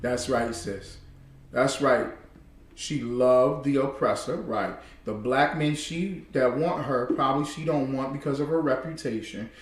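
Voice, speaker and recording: A man's voice: medium pitch, a little slow, echoey room. A man giving heated, casual commentary. He repeats himself and talks straight to his listeners.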